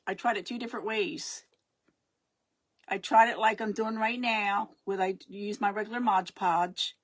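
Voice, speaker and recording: A middle-aged woman with a medium-pitched voice hosts a casual live craft stream, chatting and rambling, often losing her words and greeting her viewers.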